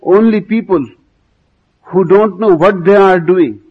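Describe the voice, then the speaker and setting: A man giving a spiritual talk, slow and emphatic, asking rhetorical questions. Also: high voice, breathy edge, narrow, tinny audio. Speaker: spiritual teacher. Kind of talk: lecture.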